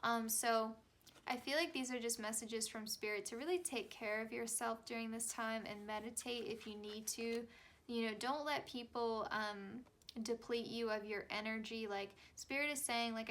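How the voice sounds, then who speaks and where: A woman's voice: fairly high pitch, fairly even intonation, normal speed, a bit bright. A young woman giving a casual, chatty tarot reading, reassuring her viewers with plenty of fillers. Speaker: tarot reader.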